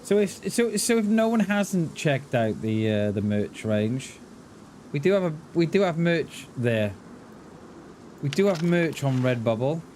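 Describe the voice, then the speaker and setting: His voice is fairly high and sing-song, a touch slow and darkish in tone, over a little hiss or hum. This Mid Wales man with a light Mid Welsh accent streams his games live, thinking aloud casually and calling viewers "mate."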